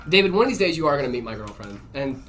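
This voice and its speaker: A man with a medium-pitched voice hosts a live stream, answering viewer questions rapid-fire. He's relaxed and jokey, his speech full of "uh" and "um" fillers.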